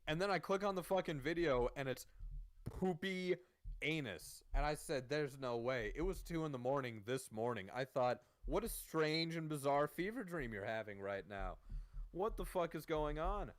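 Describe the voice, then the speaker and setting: A man's voice: fairly high pitch, moderate pace, no room sound. A man streaming and chatting casually, swearing constantly and ranting in disbelief. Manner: profane, incredulous, animated ranting. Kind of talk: casual chat.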